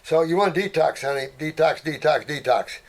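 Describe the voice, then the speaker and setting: An older naturopath answers viewer questions in a casual Q&A, his voice a little higher than most men's and a little fast. He rambles folksily, calling people honey and sweetheart, and keeps trailing off into fillers as he searches for words.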